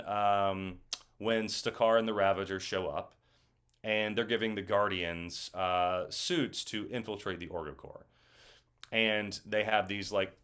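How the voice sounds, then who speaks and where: A young adult man, an actor, chatting in an interview and telling lively stories with lots of fillers. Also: fairly low pitch. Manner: animated storyteller, acts out quotes. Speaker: actor guest. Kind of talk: casual interview chat.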